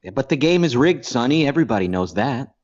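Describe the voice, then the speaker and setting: A comedian guest talking casually on a podcast, quick and joking, often trailing off mid-sentence. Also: male voice, medium pitch, sing-song, a little mellow. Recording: slightly dull lo-fi sound.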